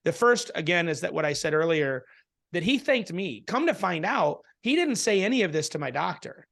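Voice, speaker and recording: A man tells a personal story in a relaxed interview. He speaks with a fairly high voice, is animated, restarts a lot and acts out what people said. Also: normal speed, creaky. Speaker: interview guest. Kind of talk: casual storytelling in a conversation.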